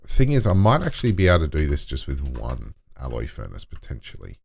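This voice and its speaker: A man's voice: a bass voice, wildly swooping pitch, quick pace, creaky. A man giving casual gameplay commentary, muttering to himself and talking to in-game items as he builds. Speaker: let's play gamer.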